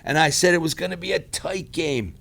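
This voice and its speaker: A man hosting a football recap show, rambling and animated in casual commentary, laughing often. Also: fairly high pitch, brisk, creaky. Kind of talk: casual sports commentary monologue. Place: studio.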